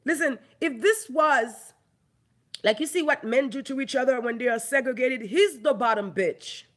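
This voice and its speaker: Fiery high-voiced woman ranting. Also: moderate pace. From Haiti. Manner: heated, profane, mocking. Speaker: online commentator. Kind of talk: angry ranting vlog.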